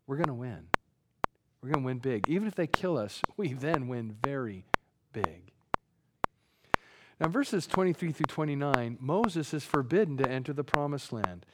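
A middle-aged man preaching a sermon, animated, swinging from quiet reading to loud, folksy asides. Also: mid-range voice, unhurried. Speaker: pastor. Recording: loud background noise.

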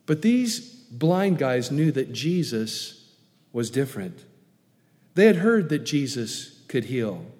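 A man's voice: medium pitch, big pitch swings, slow pace. Sex: man. Role: pastor preaching in a reverberant hall. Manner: emphatic, swings between loud urging and soft hushed asides. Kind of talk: sermon.

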